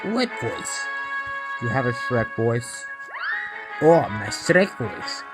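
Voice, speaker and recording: A man voicing a boastful male steam engine who talks in a gruff ogre voice, loud and drawn out, over background music. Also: mid-range voice, sing-song. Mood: puzzled. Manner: loud, taunting, drawn-out calls.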